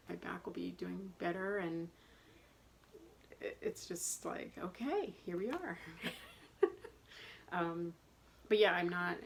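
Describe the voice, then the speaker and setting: Through poor audio and faint background noise comes a middle-aged woman's fairly low voice with vocal fry. In her personal vlog she talks casually and at length, rambling, a self-confessed talker.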